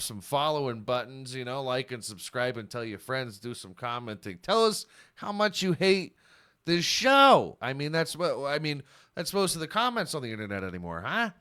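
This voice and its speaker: A middle-aged man hosting a comedic solo podcast, rowdy and jokey, swinging between shouting and mumbling. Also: medium pitch, smooth. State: out of breath. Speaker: podcast host.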